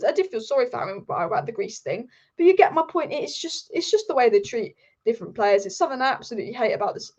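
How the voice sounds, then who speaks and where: A high-pitched woman rants about football on her own livestream, heated and punchy, hammering each point home with repetition and the odd swear. Her voice comes through a home mic with slightly dull, lo-fi stream audio. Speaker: football channel host. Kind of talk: livestream rant.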